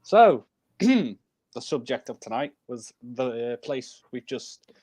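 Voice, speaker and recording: Man, casual stream chat, dry one-liners, animated pitch. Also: slow.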